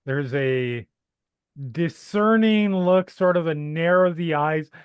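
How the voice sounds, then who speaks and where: A man playing a tabletop role-playing game, slowly and jokingly rambling about his character. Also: a little high, clean tone, no room sound, muffled recording. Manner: slow, rambling, jokey. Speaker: player.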